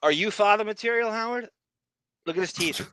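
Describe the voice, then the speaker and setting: A man's voice: high-pitched, fairly quick, pushed and bright, clear, resonant tone, rough recording. A man with a Philadelphia accent hosting a podcast, riffing sarcastically on old radio clips. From Philadelphia area. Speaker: podcast host. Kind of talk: casual commentary on show clips.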